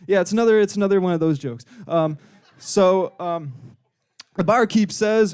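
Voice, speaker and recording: A young man with a fairly high voice does stand-up at a student club open mic. He rambles through crude bits, leaning on "you know" fillers and slipping into silly character voices. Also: fairly quick, darkish tone, clean tone. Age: young adult. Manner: puts on voices for joke characters. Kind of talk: stand-up comedy.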